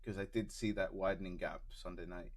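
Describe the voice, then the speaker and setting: A man's voice: sits low, steady tone, brisk. A man co-hosting a live trading show, laughing easily and getting emphatic when he makes a point. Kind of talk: casual trading chat.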